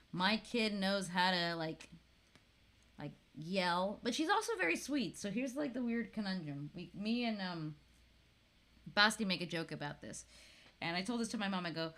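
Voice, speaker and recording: Lively laughing woman chatting to camera. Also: medium pitch. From Florida. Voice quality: laughs often, swears casually, animated storytelling. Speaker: vlogger. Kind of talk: casual chat to camera.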